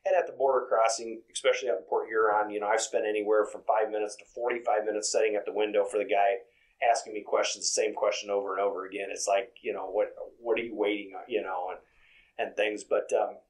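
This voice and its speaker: Low-voiced, easygoing truck driver. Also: male voice, little pitch movement, a little fast, poor audio. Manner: rambling, full of "you know" fillers, easygoing. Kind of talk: casual interview chat.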